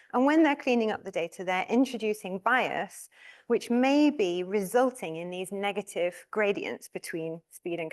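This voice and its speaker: A woman professor giving a university lecture in an informal, chatty way, with a high-pitched voice. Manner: chatty and informal, with laughs and fillers.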